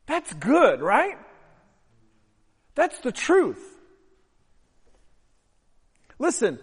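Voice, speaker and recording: A man preaching a sermon as pastor, emphatic and swelling louder on key phrases. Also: very high voice, big pitch swings, drawn-out words, pauses often, breathy edge. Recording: long hall reverb.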